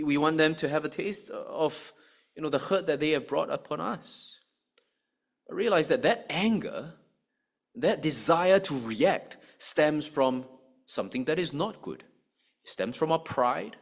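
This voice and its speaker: A man preaching a sermon, animated, with frequent rhetorical asides to the congregation. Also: a little high. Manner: animated, rhetorical "right?" asides, acts out angry voices.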